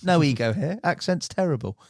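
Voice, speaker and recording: A man's voice: fairly high pitch, animated, fairly quick, no echo, studio quality. A man hosting a casual podcast chat, chummy and jokey, often calling his guest mate. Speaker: podcast host.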